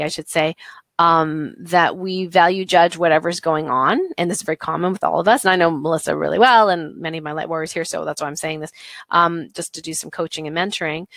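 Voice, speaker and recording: A woman teaching a live online workshop in a gentle, conversational way, thinking aloud with many fillers, on a computer mic from a home office. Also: fairly low pitch, no echo, clean studio sound. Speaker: holistic health teacher.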